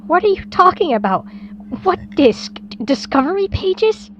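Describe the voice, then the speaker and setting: A woman's voice: extremely high pitch, sing-song, unhurried, fairly bright tone, slight background noise, heavily acted. A woman playing a grieving, clinging mother. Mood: frantic. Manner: doting, then frantic and pleading. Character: grieving mother of a missing daughter. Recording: dry, dull lo-fi clip.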